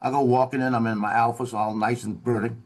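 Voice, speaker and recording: A man talks over a video call. He tells a story in a relaxed, conversational way. He slips into the voices of the officers he quotes. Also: medium pitch, quick pace. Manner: animated, acts out quoted officers. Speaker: former Marine telling a story.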